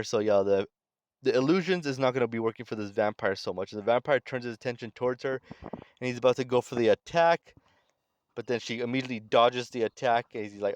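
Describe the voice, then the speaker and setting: A man casually recapping a comic story in relaxed, conversational commentary. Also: medium pitch, a little fast, smooth, no echo. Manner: relaxed, conversational, reads characters' lines aloud in his own voice. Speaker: manga recap channel host.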